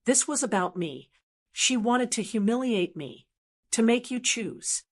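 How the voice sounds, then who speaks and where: Woman voicing a resentful wife, indignant, shrill, high-pitched. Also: expressive, unhurried. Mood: resentful fury. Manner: indignant, yelling.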